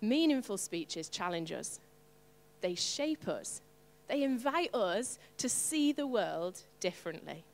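Lively woman preaching in a hall. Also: mid-range voice, takes it slowly, slight background noise. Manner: animated, playful asides to the congregation. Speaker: pastor. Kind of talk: sermon.

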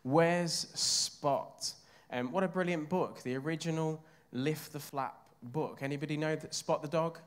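Chatty English preacher with a congregation. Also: male voice, on the high side, unhurried, few pauses, clear, resonant tone. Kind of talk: sermon.

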